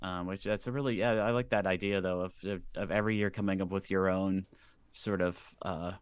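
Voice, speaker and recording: A low-pitched man chatting as a guest author, animated and storytelling, acting out bits of dialogue. His voice is close and dry, with no room sound. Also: brisk, smooth, dry recording. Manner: animated storyteller, acts out quotes. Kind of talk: casual chat.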